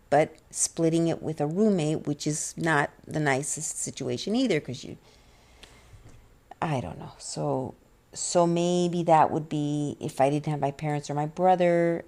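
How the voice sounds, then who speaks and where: A middle-aged woman talking about her life in a rambling, halting way, near tears, full of restarts and fillers. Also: low-pitched, mellow. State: tearful, on the verge of crying. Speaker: vlogger. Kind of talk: personal confessional vlog, soft-spoken.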